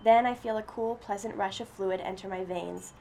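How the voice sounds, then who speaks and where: Gravelly-voiced woman reading a story. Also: medium pitch, steady tone, normal speed, warm tone, a little hiss or hum. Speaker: story reader. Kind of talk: first-person story reading.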